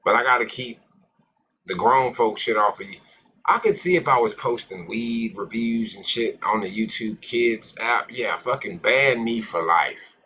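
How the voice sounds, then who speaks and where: A man's voice: medium pitch, measured pace, pushed and bright. Profane, rambling male live-streamer. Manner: rambling, profane, joking with viewers. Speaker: cannabis live-stream host. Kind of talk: casual live-stream chat.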